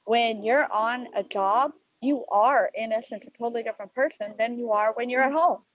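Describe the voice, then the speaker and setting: Higher-voiced woman sharing on a dull call. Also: moderate pace, no room sound. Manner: thinks aloud, repeats and restarts. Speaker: trainee. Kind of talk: class discussion. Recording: dry, dull lo-fi call audio.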